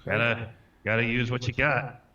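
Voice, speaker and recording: A man's voice: mid-range voice, little pitch movement, moderate pace, sharp tone, distant mic, lo-fi sound. A man playing a tabletop game, talking through his turn in an easygoing way. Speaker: player. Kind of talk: casual tabletop play.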